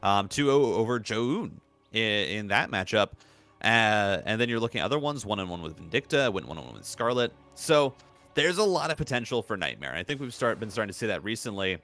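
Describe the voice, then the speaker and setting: A man's voice: on the low side, sing-song, brisk, fairly bright tone, soft background music. A man doing live esports commentary, chatty and analytical, often restarting his sentences. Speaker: esports caster.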